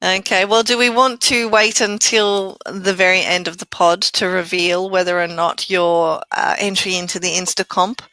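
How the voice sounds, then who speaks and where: A woman's voice: lowish voice, fairly even intonation, moderate pace, hardly any pauses, bright, forceful tone, smooth, dry recording, poor audio. A woman with an Irish accent co-hosting a podcast in teasing, easygoing chat. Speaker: podcast co-host.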